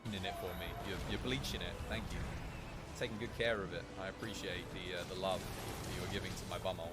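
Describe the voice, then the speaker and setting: A man streaming live and chatting casually as he plays, given to high giggling fits. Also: fairly even intonation, fast, over loud music. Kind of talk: live gameplay commentary.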